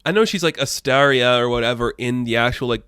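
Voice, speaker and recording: A man giving casual, rambling commentary, chatty and quick to laugh. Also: medium pitch, pushed and bright, clean tone, no echo, clean studio sound. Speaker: pop culture commentator.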